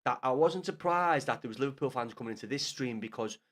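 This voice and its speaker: A man's voice: medium pitch, expressive, fast, a bit bright. A man with a Scouse accent, chatting casually to his chat while he streams a game, swearing freely. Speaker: gaming streamer.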